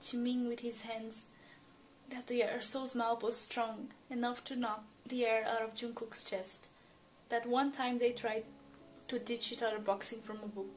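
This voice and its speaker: A woman's voice: a little high, flat delivery, a little slow, slight background noise. A woman reading fan fiction aloud, narrating expressively with emotion. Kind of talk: dramatic story reading. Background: soft music.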